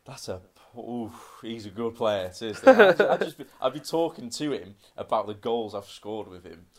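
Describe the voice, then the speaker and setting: A man's voice: medium pitch, big pitch swings, moderate pace. A young man, chatting casually and laughing as a podcast co-host. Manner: laughing, bantering, slangy. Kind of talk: casual chat.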